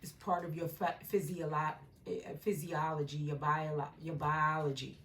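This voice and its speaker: Her voice sits low and a bit bright, moving little in pitch at a normal pace. She's a tarot reader doing a rambling, intuitive reading at home, a dog nearby, often slipping in "right?"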